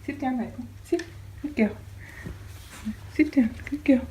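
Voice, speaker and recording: A woman vlogging at home, talking gently to her dog and rabbits in a coaxing voice that often rises into a soft high baby voice. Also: sing-song, measured pace, pauses often, a little hiss or hum. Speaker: pet vlogger. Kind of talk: casual vlog talk to pets. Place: home room with pets.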